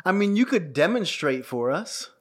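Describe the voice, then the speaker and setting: A man's voice: high-pitched, sing-song, moderate pace. A man co-hosting a podcast in casual chat, playfully teasing his partner and laughing often. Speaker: podcast co-host.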